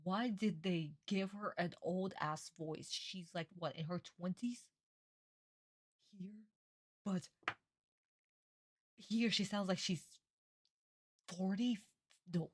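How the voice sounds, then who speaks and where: A young woman streamer reacting casually, blunt and swearing, easily excited. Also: fairly low pitch, slow pace, long pauses, husky, no room sound, clean studio sound.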